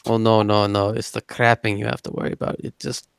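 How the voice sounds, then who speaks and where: A man's voice: lowish voice, little pitch movement, fairly quick, creaky, smooth, no echo, clean studio sound. A man voicing a boastful male traveler who slips into a French accent, sharing crude travel tales. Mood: chatty.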